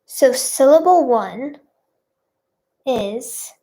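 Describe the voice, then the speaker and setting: Hosting a playful live stream, a woman with a high, bright voice reads her viewers' guesses aloud with bubbly cheer. Her pace is easy and unhurried, and her intonation is lively.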